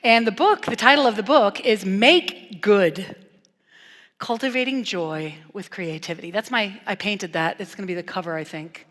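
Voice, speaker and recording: A woman minister giving a conversational sermon, animated and playful in her storytelling, turning hushed and earnest at times. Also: medium pitch, normal speed. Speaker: guest minister. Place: church sanctuary. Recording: long reverb from a church hall.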